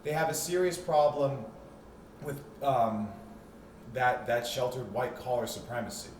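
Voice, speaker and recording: A man's voice: medium pitch, a little slow, roomy sound, far from the mic, a little hiss or hum, rough recording. A man hosting his own vlog, ranting in a rambling, swearing, fired-up monologue. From South Florida. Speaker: vlog host.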